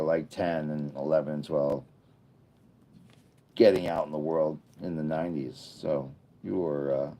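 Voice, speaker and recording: Deep, mellow-voiced man in his fifties. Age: 50s. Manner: rambling, jokey asides. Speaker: livestream host. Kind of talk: casual livestream chat, reading comments.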